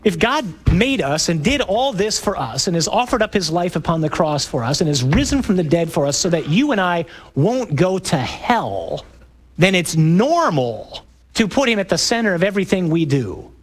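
A middle-aged priest giving an emphatic talk to a parish group, building up to loud exclamations. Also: male voice, high voice, big pitch swings, moderate pace.

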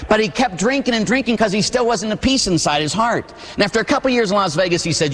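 A man in his forties from Pittsburgh, a priest preaching a sermon with animated storytelling and acted-out voices. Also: sits high, fast, few pauses, big-room sound. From Pittsburgh, USA. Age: 40s. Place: church.

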